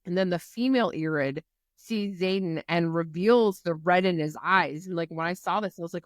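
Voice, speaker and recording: A woman co-hosting a podcast, retelling a book's plot in animated, casual chat and swearing freely. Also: fairly low pitch, moderate pace, no echo, studio quality. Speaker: podcast co-host. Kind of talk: casual book-club chat.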